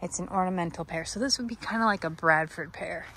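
Strolling through an outdoor garden center, a woman vlogger chats away and addresses the plants and a dog in a casual walking vlog. Her low-ish voice comes quick, pushed and bright, with a little hiss or hum in the audio.

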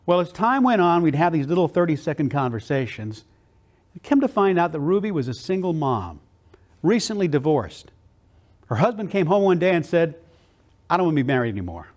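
Brief: male keynote speaker, high and very expressive, storytelling with dramatic pauses. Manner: animated, with slow dramatic pauses on key words.

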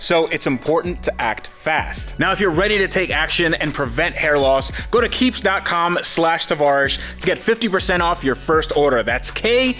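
A man in his thirties hosting a casual car-build video, animated and self-deprecating, with a sponsor read. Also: fairly high pitch. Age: 30s. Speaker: host.

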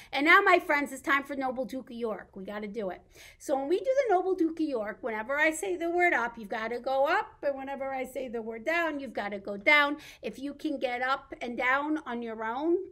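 A woman librarian leading a baby storytime, reading aloud and singing rhymes in an animated sing-song way. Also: sits high, moderate pace. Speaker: children's librarian.

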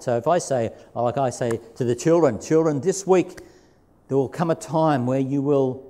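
In a church sanctuary, a male pastor gives a sermon in a conversational way, reading scripture aloud with emphasis and repeating key phrases. His voice is medium-pitched and mellow.

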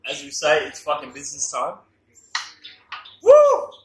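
An Australian man hosting a chilli challenge, talking loud and cheering his mates on with whoops. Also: a little high, moderate pace. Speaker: host of a chilli review channel. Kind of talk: casual hype chat during a chilli challenge. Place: indoor onsite workplace. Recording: roomy sound from a distance.

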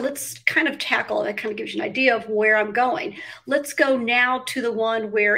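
A woman's voice: a little high, vocal fry, bright, forceful tone. Earnest woman wellness coach, slightly distant. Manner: earnest, storytelling, frequent ums. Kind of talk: casual motivational talk.

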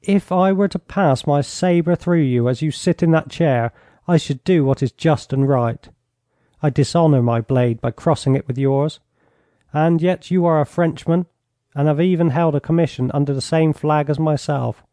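A man's voice: a little high, moderate pace, dark tone, no echo, studio quality, lightly acted. A man reading an audiobook, voicing a proud young officer who speaks coldly and in clipped phrases. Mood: stern. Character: stern young male officer, proud and vengeful.

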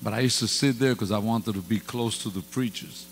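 A man preaching a storytelling sermon as pastor, swinging from quiet asides to loud exclamations, speaking into a microphone in a church sanctuary. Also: lowish voice, a little fast. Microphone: handheld or stand mic. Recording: reverberant church hall with faint hum.

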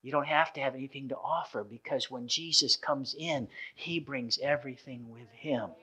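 A man preaching a sermon and telling a lively story, often repeating words as he builds momentum, and closing in prayer. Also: medium pitch, moderate pace, slightly rough.

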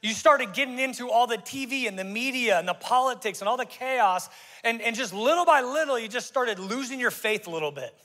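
A middle-aged man preaches in a loose, conversational style and teases his listeners. His voice sits fairly high for a man. He moves easily between earnest points and jokes. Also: fairly quick, pushed and bright, in a large hall. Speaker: pastor. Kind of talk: sermon.

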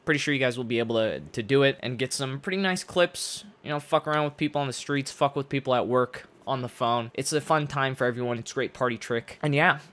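A man's voice: mid-range voice, fast talker, few pauses, fairly bright tone. A man giving a comedic tutorial in a put-on airy feminine voice, swearing casually. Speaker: YouTuber teaching a comedy voice tutorial.

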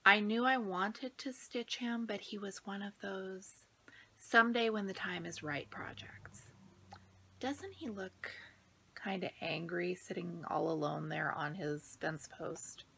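A woman hosting her own cross-stitch video, chatting casually to the camera and dropping into soft, whispery asides. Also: medium pitch, takes it slowly, vocal fry, a little hiss or hum.

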